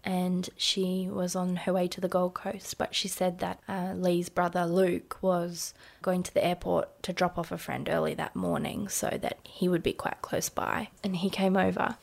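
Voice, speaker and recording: A woman in her thirties with an Australian accent, casually telling a personal story in an interview with lots of "like" fillers and a hushed voice at times. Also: lowish voice, flat delivery, normal speed, gravelly. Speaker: interview guest.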